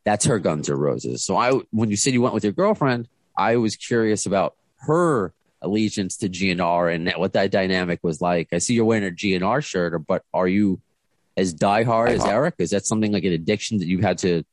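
A deep-voiced man hosts a podcast in a loose, rambling chat, his pitch swinging widely as he talks. The sound is dry and close, with no room around it. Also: animated, fairly quick, no echo. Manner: chatty, rambling with restarts. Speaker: podcast host. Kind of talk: casual chat. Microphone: video call.

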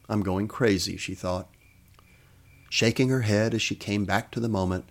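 A man with a fairly low voice reads a short story aloud. His delivery is measured and expressive, like a host narrating his own fiction. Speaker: podcast host and author.

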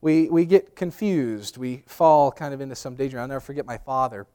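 A man preaching a sermon, telling lively personal stories, acting out voices loudly and often repeating words as he restarts. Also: mid-range voice, brisk, smooth. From New York. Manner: animated storyteller, acts out voices loudly. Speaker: pastor. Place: church sanctuary.

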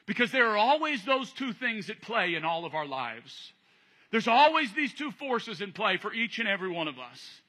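A male pastor preaching a sermon, telling stories with animated acted-out voices. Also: high voice, moderate pace, breathy edge. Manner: animated storytelling, acting out voices. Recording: long hall reverb.

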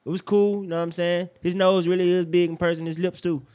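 A young man co-hosting a casual chat, animated and profane with loud outbursts, sounding tired. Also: high voice, fast, clear, resonant tone. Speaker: podcast co-host.

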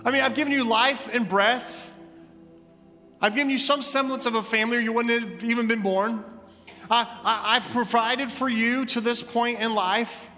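A man's voice: very high-pitched, steady tone, normal speed, sharp tone, big-room sound, pitched above the performer's own voice. A man voicing God as a grieving, heartbroken figure who pleads with raised, impassioned questions. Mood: pleading.

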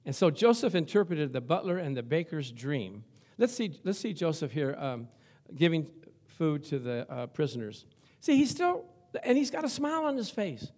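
A man's voice: on the high side, normal speed. An older man preaching a sermon as pastor, telling stories in a conversational, humorous way to his congregation. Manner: lively storytelling to a congregation.

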